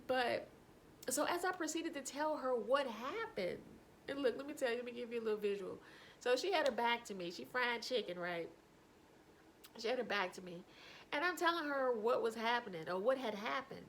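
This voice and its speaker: Woman vlogger, casual anecdote style, expressive and high, light room noise. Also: moderate pace. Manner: animated, laughing through anecdotes. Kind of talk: casual storytelling.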